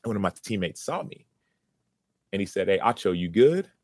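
A man's voice: sits low, sing-song, brisk, no room sound. A man in his thirties, a former football player, earnestly recounting a personal story in an interview, with many restarts.

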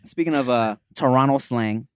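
A man's voice: mid-range voice, moderate pace, clean tone, no echo, clean studio sound. A man with a Los Angeles accent, hosting a casual chat in a slangy, laid-back way. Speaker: podcast host.

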